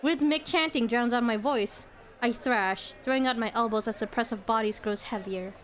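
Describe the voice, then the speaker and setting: A young woman streamer reading a visual novel aloud, expressive, with giggly asides to her co-player. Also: a little high, moderate pace. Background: game music.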